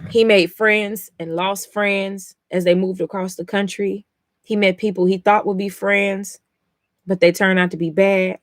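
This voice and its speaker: Woman reading comics out loud on stream, cusses a lot, gets emotional, dry close sound. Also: medium pitch, flat delivery, unhurried, no echo. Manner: emotional, blunt, swears freely. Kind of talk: live reading and reaction stream.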